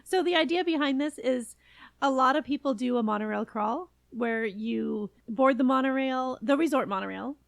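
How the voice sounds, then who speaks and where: A woman's voice: sits high, moderate pace, creaky, no echo. A woman from California co-hosting a podcast in casual, enthusiastic chat. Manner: chatty, enthusiastic, laughs often. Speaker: podcast co-host.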